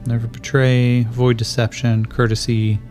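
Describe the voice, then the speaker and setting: A man's voice: mid-range voice, monotone, normal speed, a little mellow. A man running a tabletop game as game master, thinking aloud as he checks the rules and narrates the scene. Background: faint background music.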